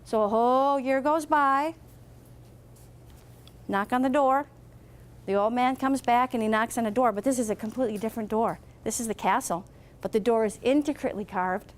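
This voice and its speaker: A woman guest speaker telling a parable to a morning crowd, with an animated storytelling manner. Her voice sits somewhat high for a woman. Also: moderate pace. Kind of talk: storytelling speech.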